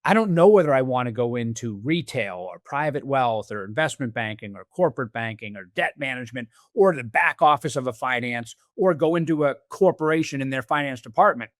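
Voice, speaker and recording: Animated storytelling businessman. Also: mid-range voice, normal speed, dry recording, clean studio sound. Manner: animated storyteller acting out quoted dialogue. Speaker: podcast guest, business executive. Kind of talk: conversational interview.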